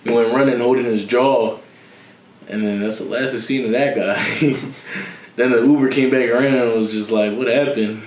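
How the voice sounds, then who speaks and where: A man's voice: mid-range voice, steady tone, normal speed, a little mellow. Laughing young man telling a story. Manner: laughing often, slangy, acting out voices of others. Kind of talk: casual storytelling chat. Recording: echoey room.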